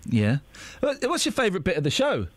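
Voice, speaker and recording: A male breakfast radio host chats with callers in a playful, teasing manner. His voice sits high and swings widely in pitch as he jokes around. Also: huge pitch swings, brisk, no echo. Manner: teasing, jokey, playful banter. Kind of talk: casual radio chat.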